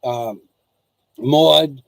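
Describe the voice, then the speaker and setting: A man's voice: medium pitch, drawn-out words, vocal fry, no room sound, low-quality recording. A man from the United States hosting a casual vlog, rambling through a rant, often restarting sentences and acting out little dialogues. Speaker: vlog host.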